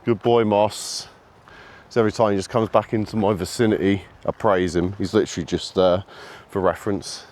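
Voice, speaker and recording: A man talking casually while he walks his dog outdoors, calling out to it in a high sing-song voice between remarks on training, recorded on a camera he carries. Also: steady tone, brisk, a little mellow. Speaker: dog owner and trainer filming a walk. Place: outdoors on a countryside walk. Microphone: camera carried while walking.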